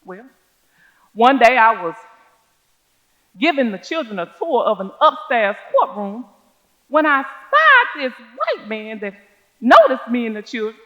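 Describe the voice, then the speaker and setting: An actress in a one-woman stage show, playing a proud older schoolteacher from who tells her story in a measured, folksy way. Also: on the high side, very animated, dull audio. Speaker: stage performer. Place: theater stage.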